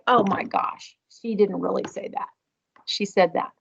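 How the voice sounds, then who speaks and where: A woman's voice: mid-range voice, moderate pace, creaky, breathy edge, muffled recording. A woman teacher reading a play aloud, explaining with dramatic emphasis and repetition. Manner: expressive, dramatic, repeats key points. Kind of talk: read-aloud lesson.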